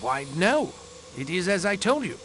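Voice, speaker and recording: A man's voice: high-pitched, very animated, moderate pace, a bit bright, a little hiss or hum. A man voicing a nervous, flustered passenger who stumbles and trails off in a mystery game. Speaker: passenger under questioning. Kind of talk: video game voice acting.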